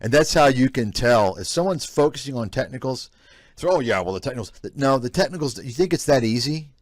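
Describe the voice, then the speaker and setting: A man's voice: mid-range voice, animated, a little fast, no room sound, clean studio sound. A man giving blunt, scornful commentary on a live stream, reacting to clips. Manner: blunt, scornful, repetitive ranting. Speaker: host, investment analyst.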